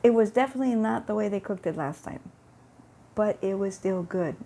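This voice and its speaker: A woman's voice: medium pitch, a little fast, creaky, dark tone. A woman vlogger telling a rambling everyday story about her faith, acting out both sides of a conversation and often repeating words.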